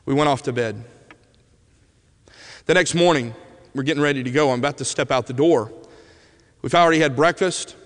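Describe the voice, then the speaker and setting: Preacher telling a story in a ringing hall. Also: male voice, mid-range voice, moderate pace, long pauses. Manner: animated storyteller, swings from loud to hushed. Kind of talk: sermon storytelling.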